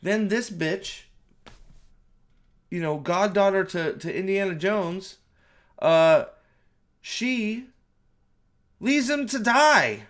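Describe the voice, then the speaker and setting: A high-voiced man rants through a spoiler movie review, swearing freely and tripping over his own restarts. He talks from home in an exasperated, incredulous way. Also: lively intonation, extremely slow, long pauses, a bit bright. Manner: profane, exasperated ranting with many restarts.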